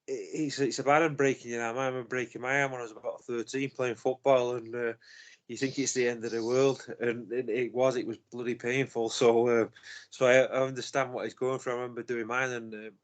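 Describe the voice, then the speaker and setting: A man's voice: mid-range voice, level tone, fairly quick. A man co-hosting a casual podcast, telling a personal story and chuckling his way through it. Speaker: podcast co-host.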